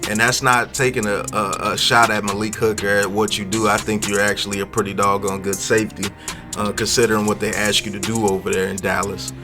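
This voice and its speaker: A man hosting a sports talk channel, commenting casually on football news and reacting with drawn-out hums and asides. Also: fairly low pitch, little pitch movement, music in the background.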